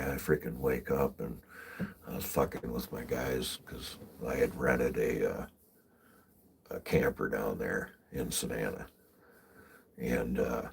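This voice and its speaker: A man's voice: very deep voice, vocal fry, a little mellow, husky. A man chatting casually on a livestream from his vehicle while driving, rambling and swearing freely, often laughing. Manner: rambling, profane, laughs a lot. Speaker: livestreamer and tree climber.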